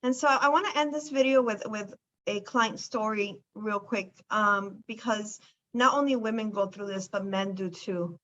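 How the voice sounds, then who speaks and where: A woman's voice: medium pitch, moderate pace, a bit bright, a little hiss or hum. A woman hosting a casual chat about a weight loss program, telling a client story in an emphatic, enthusiastic way. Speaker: weight loss clinic host. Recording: dull lo-fi sound.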